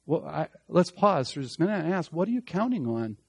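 A man preaching a sermon as pastor, swinging from emphatic loud passages to hushed, slow lines. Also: on the high side, very animated, gravelly, slightly rough, dry recording.

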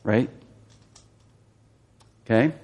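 A man teaches a Bible study class, explaining a passage and questioning his listeners, becoming emphatic as he exhorts them. He draws out his words in a slightly mellow voice.

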